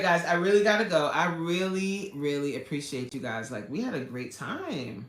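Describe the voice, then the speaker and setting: A woman with a US East Coast accent, working as a life coach, chats casually on a live stream and reads viewers' comments aloud. She is expressive, laughs often, and drops in a preacher-like "amen.". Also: deep voice, normal speed, hardly any pauses, roomy sound.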